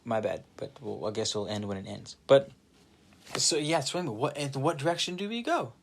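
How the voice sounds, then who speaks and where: A young man hosting his own channel, speaking an informal monologue to camera. He is animated, swears freely and often restarts his sentences. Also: mid-range voice, moderate pace, vocal fry, a little hiss or hum. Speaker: channel host. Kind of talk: casual spoken monologue to camera.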